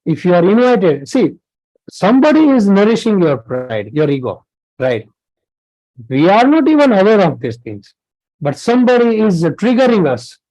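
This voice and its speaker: A man's voice: sits high, big pitch swings, moderate pace, warm tone, dry recording, low-quality recording. A young man with an Indian English accent giving a spiritual lecture, earnest and explanatory, with many fillers and restarts. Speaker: spiritual talk presenter.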